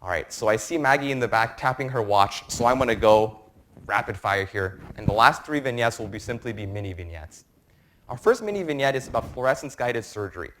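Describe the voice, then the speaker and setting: A young man in his twenties gives a science talk to a live audience in a lecture room. His voice sits at an ordinary middle pitch, and his explanations are quick and informal, with a faint hum of room noise behind him. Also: expressive, a bit bright. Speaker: medical student presenter. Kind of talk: academic lecture presentation.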